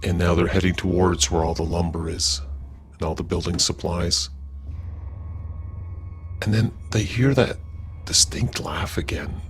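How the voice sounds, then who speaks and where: A man's voice: sits low, unhurried, pauses often, faint music behind. A man casually narrating a paranormal story in a loose, conversational way, with fillers and restarts.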